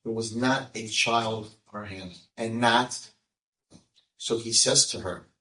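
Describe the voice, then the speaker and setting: Older rabbi telling a story in an echoey room. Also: male voice, fairly low pitch, slow. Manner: animated storyteller, acts out voices, jokes with the crowd. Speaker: rabbi giving a talk. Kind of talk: storytelling talk to an audience. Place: lecture room with audience. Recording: echoey room, mic at a distance.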